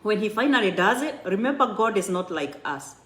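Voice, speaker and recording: A woman's voice: medium pitch, very animated, fairly quick, fairly bright tone. Earnest woman giving a church testimony. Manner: earnest, encouraging, with restarts. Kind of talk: personal testimony. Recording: echoey room.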